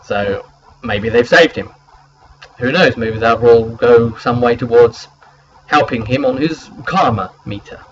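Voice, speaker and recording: A man's voice: mid-range voice, unhurried, muffled recording, slight background noise. A man recapping a tabletop game session as its game master, rambling along with plenty of hesitant fillers.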